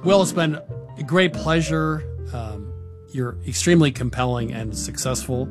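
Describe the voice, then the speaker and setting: A man's voice: medium pitch, normal speed, music in the background. An older man hosting a radio talk and call-in show, chatty and laughing easily as he asks questions.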